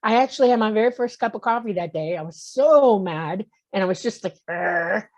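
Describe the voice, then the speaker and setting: Speaking fairly quickly in an expressive, warm, medium-pitched voice, a woman in her sixties shares a personal story on a talk show. She imitates the people in it and keeps asking "okay?". The sound is muffled lo-fi.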